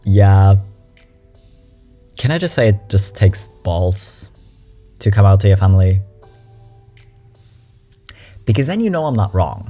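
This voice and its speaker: A young adult nonbinary vlogger reacting to memes in a chatty, frank, animated way, swearing casually. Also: sits low, a little slow, pauses often, faint music behind. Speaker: meme reaction host. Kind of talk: casual meme commentary.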